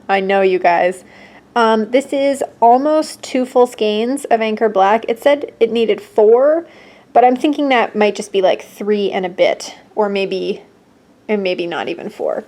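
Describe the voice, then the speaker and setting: A woman's voice: medium pitch, darkish tone. A young woman chatting casually at home in a stitching vlog, talking with frequent fillers and small laughs. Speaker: stitching vlogger.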